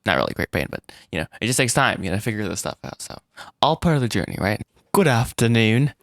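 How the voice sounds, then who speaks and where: A man vlogging about making his animated film, rambling and self-deprecating, with frequent restarts and little laughs. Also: on the low side, fast. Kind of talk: casual solo vlog.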